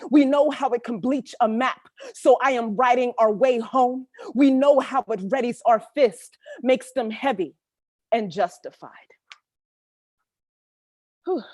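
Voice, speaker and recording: A poet from Camden, New Jersey, with a New Jersey accent, reading her spoken-word poems over a video call. She moves between rhythmic, emphatic verse and relaxed, halting chat. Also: a little high, no echo, studio quality. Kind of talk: spoken-word poetry reading with casual asides.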